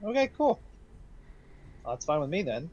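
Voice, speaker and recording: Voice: mid-range voice, sing-song, normal speed, a little mellow. A player stammers and restarts while chatting in an online tabletop game. The sound comes through a muffled, lo-fi mic with faint noise behind. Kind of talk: casual chat in a tabletop game.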